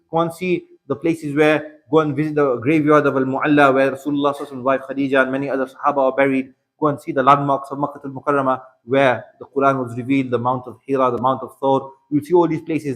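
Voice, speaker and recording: A man's voice: medium pitch, a bit bright. A man with a British English accent teaching a religious workshop in a mosque, earnestly urging his listeners and repeating points for emphasis. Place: mosque hall.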